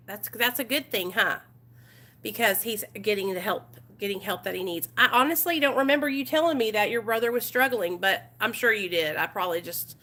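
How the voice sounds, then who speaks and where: A woman with an East Texas accent and a medium-pitched, sharp-toned voice hosts a casual recovery support livestream. She reads passages from a workbook aloud and talks bluntly with viewers, greeting them and responding to their comments.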